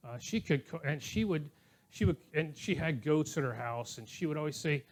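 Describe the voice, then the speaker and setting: Older man as a pastor preaching a relaxed sermon; slightly high voice, storytelling, light chuckles. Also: moderate pace. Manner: conversational, anecdotal, with chuckling asides. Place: church.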